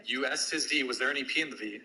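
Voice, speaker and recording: A man's voice: medium pitch, fast talker, background noise. A man hosting a podcast interview, prodding with blunt, joking questions. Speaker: podcast host.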